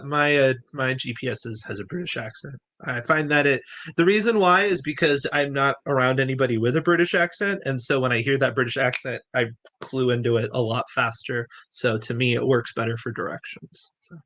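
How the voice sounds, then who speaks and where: A man's voice: mid-range voice, moderate pace, bright, forceful tone. A man hosting a livestream chat, enthusiastic and rambling, who laughs often. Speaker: host.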